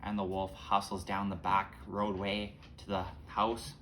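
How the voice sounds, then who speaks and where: A man retelling a fairy tale in a relaxed, informal way with small restarts. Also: low-pitched, unhurried, slight background noise. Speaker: storyteller. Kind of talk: casual storytelling.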